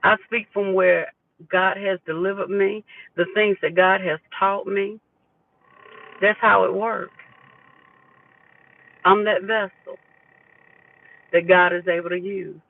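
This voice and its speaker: A woman delivers a live motivational sermon while riding in a vehicle. She speaks low, with a gravelly voice, repeats her lines and calls her listeners baby. The sound is thin and phone-like, picked up from a distance, with faint road noise underneath. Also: steady tone, slow pace, long pauses, dry recording. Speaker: inspirational speaker.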